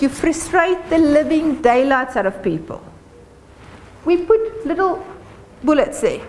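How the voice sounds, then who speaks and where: Woman lecturer, high voice, direct teaching tone, faint room hum behind. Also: a little mellow, rough recording. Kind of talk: classroom lecture on presenting.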